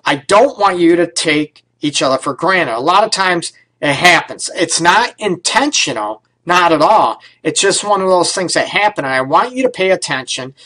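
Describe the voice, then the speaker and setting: A man's voice: on the high side, expressive, moderate pace, few pauses, pushed and bright, low-quality recording. A man hosting a relationship advice radio show as a counselor, talking casually and bluntly, dropping frequent "right?" and "you know" and the odd swear word.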